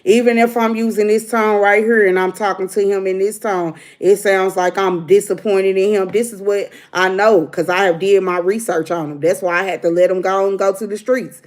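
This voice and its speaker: A woman's voice: mid-range voice, steady tone, moderate pace, hardly any pauses. A middle-aged woman, ranting bluntly to her livestream viewers like a preacher. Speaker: livestream host. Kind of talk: casual livestream rant.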